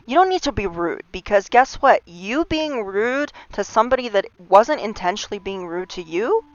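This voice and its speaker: A woman streams a heated, earnest monologue, piling up restarts and pushing her points harder as she goes. Her voice sits at a middling pitch for a woman. The stream audio sounds a little dull and lo-fi. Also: expressive, normal speed, hardly any pauses. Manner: earnest, ranting, with many restarts and rising emphasis. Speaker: livestream host. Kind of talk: impassioned livestream monologue. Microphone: streaming mic.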